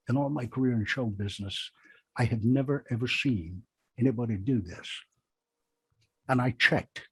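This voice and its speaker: A man's voice: medium pitch, slightly rough, no room sound. A man, a magician, telling a rambling show-business story in a panel chat over a video call, often correcting himself.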